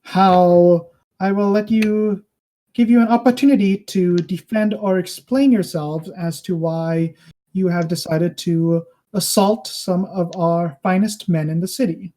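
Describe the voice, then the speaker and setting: A woman's voice: fairly low pitch, fairly even intonation, dark tone, natural voice. A woman playing an affronted male king who holds his anger in check in a tabletop game. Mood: stern. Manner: slow, measured, restrained anger.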